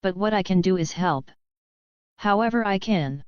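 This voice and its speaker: A woman reading the part of a confident, smirking young male warlock who speaks calmly and firmly. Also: medium pitch, moderate pace, smooth, no room sound, muffled recording, close to an everyday voice. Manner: calm, firm, knowing.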